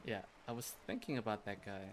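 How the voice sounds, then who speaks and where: A man's voice: lowish voice, sing-song, fairly quick, slight background noise. A man streaming a video game, chatting casually and sarcastically, swearing and laughing often.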